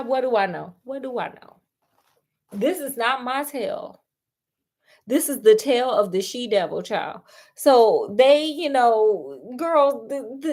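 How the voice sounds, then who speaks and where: A woman retelling a story in a sassy, chatty way, calling her listeners honey and child, with frequent laughs. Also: on the high side. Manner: laughs often.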